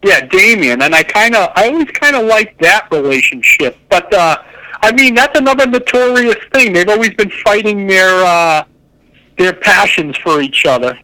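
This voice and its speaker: A man's voice: high-pitched, expressive, normal speed, sharp tone, dry recording, low-quality recording. A man chatting casually about comics, enthusiastic and rambling, often correcting himself mid-sentence. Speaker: podcast co-host.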